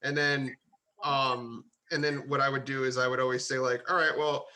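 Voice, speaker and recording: A man's voice: mid-range voice, level tone, normal speed, pushed and bright, slight background noise, poor audio. A man co-hosting a casual tabletop gaming talk show, opinionated and jokey, rambling through his points. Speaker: podcast co-host, game master. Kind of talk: casual chat among friends.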